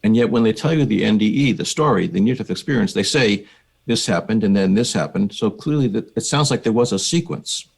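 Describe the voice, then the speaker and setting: An older man with an American accent, a psychiatrist being interviewed on a podcast, telling his story in a measured, reflective way. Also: lowish voice, lively intonation, creaky, slightly rough. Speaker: psychiatrist and researcher, guest.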